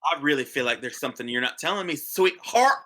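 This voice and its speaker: A man's voice: on the high side, animated, fast talker, fairly bright tone, pitched above the performer's own voice. A man voicing a forty-five-year-old female halfling who is pushy and intimidating, calling people sweetheart. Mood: suspicious. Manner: calls people sweetheart, coaxing then firm.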